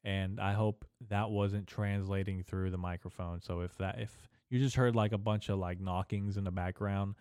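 A young man with a low voice rambles through a solo podcast rant, peppering every sentence with swearing and casual slang. He talks straight into a studio mic on a stand, and the sound is close and dry. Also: fairly even intonation, normal speed, hardly any pauses, a little mellow, clean tone, dry recording. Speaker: podcast host. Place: small echoey room in an old building.

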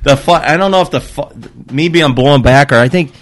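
A middle-aged father on a casual podcast, telling stories animatedly, swearing and loudly acting out what people said. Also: on the high side, a little fast. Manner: animated, swearing storyteller who acts out quotes loudly. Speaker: guest father. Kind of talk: casual storytelling chat.

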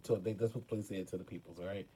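A man's voice: deep voice, fairly even intonation, racing, dark tone, slightly rough, rough recording. A man hosting casual gossip commentary, chatty and dramatic, talking straight to his viewers with lots of fillers. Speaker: commentary host.

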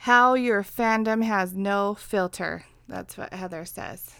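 A woman's voice: medium pitch, takes it slowly, vocal fry, fairly bright tone, smooth, no room sound, studio quality. A woman with a New Jersey accent, co-hosting a podcast in casual chat, swearing freely and reading out listener questions. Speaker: podcast co-host.

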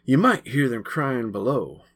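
A man voicing an excitable teenage boy who tells ghost stories like an eager showman. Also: medium pitch, unhurried, voice pushed up.

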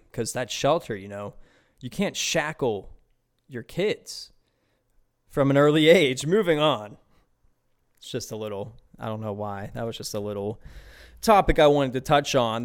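A young man from Pittsburgh hosting a casual solo podcast, rambling and swearing with lots of laughs and repeated words. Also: medium pitch. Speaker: podcast host.

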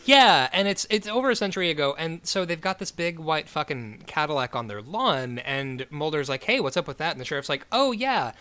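A man in casual chat, recapping a show with a bright, animated voice that swings up and down. He fills his talk with "you know" and "like", swears freely, and slips into quick character voices. The pitch sits a bit high for a man. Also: clean tone. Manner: animated, swears, many fillers, acts out quoted characters. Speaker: podcast co-host.

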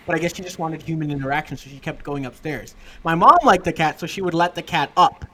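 A young man telling funny stories in casual chat, animated and laughing, acting out the people he quotes. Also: fairly high pitch, fast, a little hiss or hum. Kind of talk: casual storytelling.

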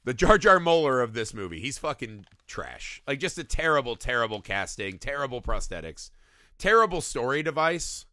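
A man co-hosting a casual movie podcast, talking in an animated, profane way and acting out scenes in goofy voices. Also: medium pitch, moderate pace, dry recording. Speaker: podcast co-host. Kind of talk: casual movie-review chat.

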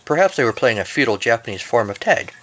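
A man's voice: mid-range voice, expressive, fast, fairly bright tone. A man hosting a podcast, narrating a comic story and reading the outro with dry, jokey asides. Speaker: podcast host.

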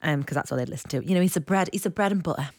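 A woman from England co-hosting a casual music podcast, chatty and quick to laugh. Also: low-pitched, dry recording, clean studio sound. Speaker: podcast co-host.

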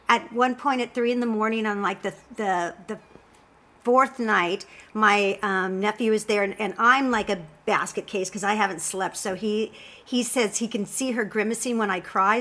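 A woman guest in casual chat, telling a personal story and acting out what others said. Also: medium pitch. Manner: animated storyteller, acts out quotes.

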